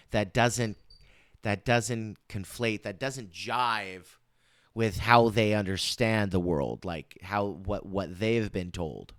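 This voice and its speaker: Man, commentary host, slow talker, smooth clear voice, repeats and restarts, emphatic. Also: lowish voice, fairly bright tone, no echo, studio quality. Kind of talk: casual political commentary.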